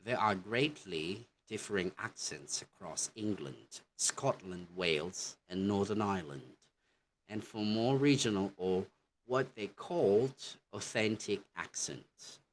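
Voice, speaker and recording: Man, very low voice, slow pace, English teacher, halting lesson, faint background hiss. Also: animated. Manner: slow, halting explanations with many "okay, so". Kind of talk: online lesson on slides.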